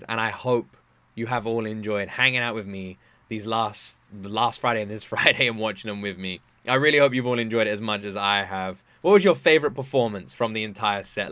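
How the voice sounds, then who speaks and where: Excitable man, bright and lively. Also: on the high side, no room sound. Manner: gushing, exclamatory, swings between loud outbursts and quiet asides. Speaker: reaction video host. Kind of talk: excited reaction commentary.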